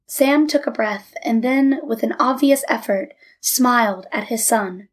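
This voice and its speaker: A woman reading a story aloud in a measured, steady narration. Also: a little high. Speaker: audiobook narrator.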